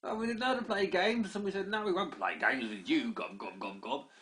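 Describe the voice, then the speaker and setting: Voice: mid-range voice, a little fast, fairly bright tone, pitched above the performer's own voice, close to an everyday voice. An adult voicing a band of small, frazzled goblins in a bedtime story, pleading and grunting "gob, gob" between complaints. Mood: exasperated.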